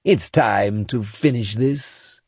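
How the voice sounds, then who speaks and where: A man's voice: lowish voice, slow pace, darkish tone, husky, no room sound, studio quality, pitched above the performer's own voice, full character voice. A man voicing a haughty alien emperor. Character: towering proud male alien emperor, cold menace.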